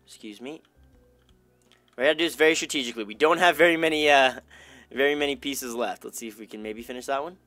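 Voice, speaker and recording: Young male gamer, casual self-talk commentary, mid-pitched voice, dry close sound. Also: dry recording. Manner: chatty, self-talking, upbeat, bursts of excitement. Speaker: gaming YouTuber.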